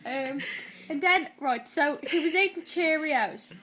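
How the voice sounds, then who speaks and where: A woman with an Irish accent rambles through a story recap, chaining every event with "and then" and breaking into giggles. Her voice sits high and sounds bright and sharp. She talks casually to someone filming her. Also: slow pace, a little hiss or hum. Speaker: person retelling a TV episode to camera. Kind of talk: casual retelling. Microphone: handheld camera recording.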